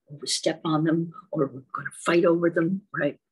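A woman reading a picture book aloud to young children, slow and sing-song, stopping to ask them questions. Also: deep voice, steady tone, breathy edge. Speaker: children's storyteller.

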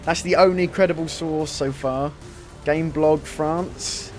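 A man of twenty giving casual, chatty commentary while playing a racing game demo, reacting with quick excited exclamations. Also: a little high, faint music behind. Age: 20s. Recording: loud racing game engine noise under the voice. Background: racing car engines from the game.

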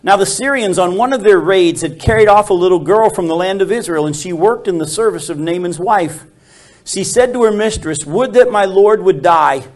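A man with a notably high voice leads a Bible study. He tells the stories in an animated way and drops his voice to act out quoted lines. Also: fairly quick. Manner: animated storytelling, acts out quotes with dropped voice.

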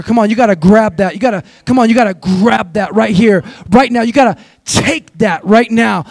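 A man with a notably high voice preaches with urgent, repetitive exhortations. He leads his listeners in call-and-response. The sound is dry and close. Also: fast talker, few pauses, darkish tone, no echo. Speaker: guest preacher. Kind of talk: sermon. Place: church sanctuary.

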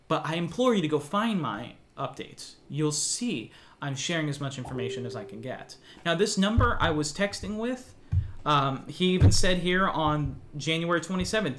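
A young man vlogging a frustrated account of a dispute with a company, reading out the messages he traded with them. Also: a little high. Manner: frustrated, reads out messages in a flat quoting tone. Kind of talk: ranting account of a customer dispute.

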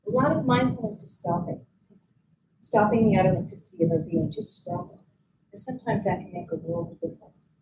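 A woman teaching a mindfulness practice at a conference, guiding listeners calmly and gently with frequent pauses. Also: medium pitch, low-quality recording. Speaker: mindfulness instructor. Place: conference room.

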